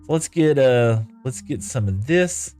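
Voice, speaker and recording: A man talks casually through a live stream as he builds, reading viewers' comments aloud and thanking them. His pitch moves up and down a lot. Faint music plays underneath. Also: animated, measured pace, mellow. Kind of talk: casual live-stream chat while playing.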